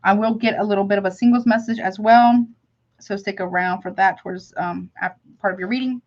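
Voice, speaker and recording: A woman's voice: mid-range voice, fairly even intonation, brisk, darkish tone. A woman tarot reader hosting a live reading, talking in a casual, slangy, sympathetic way as she greets viewers and gives advice. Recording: slightly dull lo-fi audio.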